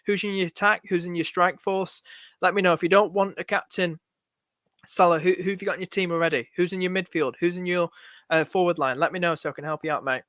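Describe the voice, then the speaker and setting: Male streamer, high voice, dry close sound, chatty and rushed. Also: no room sound. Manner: excitable, rushed, repeats himself, says "mate" a lot. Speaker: fantasy football streamer. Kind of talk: live stream chat answering viewer questions.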